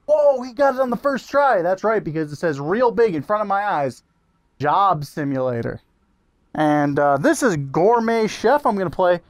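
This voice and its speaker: High-voiced man, dry close sound. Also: very animated, normal speed, no room sound. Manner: playful, prompts with questions. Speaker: co-host playing the game. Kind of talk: casual gaming commentary.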